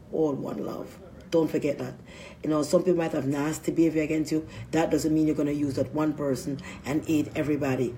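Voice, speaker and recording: A woman's voice: deep voice, warm tone, slight background noise. A woman vlogger talking in a rambling, crude casual monologue, often laughing mid-sentence.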